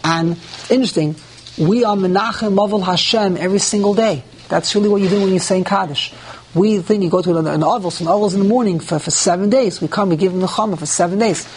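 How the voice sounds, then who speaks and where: A man's voice: sits high, fast, darkish tone, a little hiss or hum. A man teaching a Torah class, explaining step by step and repeating key words, with Ashkenazi pronunciation of the Hebrew terms.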